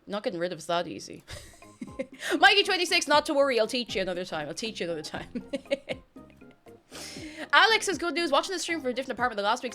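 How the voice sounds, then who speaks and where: A woman's voice: high-pitched, quick pace. A young Irish woman chatting casually on a live stream, greeting viewers by name and reading their messages aloud with plenty of laughter. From Ireland. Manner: chatty, animated, laughs often, reads chat names aloud. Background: faint music.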